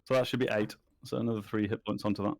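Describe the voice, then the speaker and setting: A man's voice: lowish voice, fairly even intonation, rapid-fire. A man playing a tabletop game, chatting in an easygoing way. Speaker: player. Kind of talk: casual game chat.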